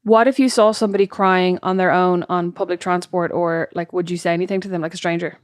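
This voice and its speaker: A woman's voice: on the low side, fairly even intonation, no echo, studio quality. A woman co-hosting a podcast in casual chat, chatty and full of fillers. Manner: chatty, quick, lots of fillers. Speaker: podcast co-host.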